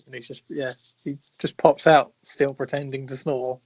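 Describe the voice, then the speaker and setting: A man's voice: medium pitch, steady tone, moderate pace, darkish tone. A British man co-hosting a podcast, chatting casually about a film, laughing and acting out quoted lines. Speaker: podcast co-host. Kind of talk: casual film review chat. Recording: dull lo-fi sound.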